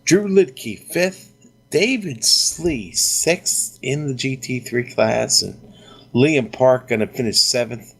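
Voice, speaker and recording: A man's voice: medium pitch, takes it slowly, vocal fry, a bit bright, breathy edge. Casual male co-commentator reading results. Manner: casual, uses fillers.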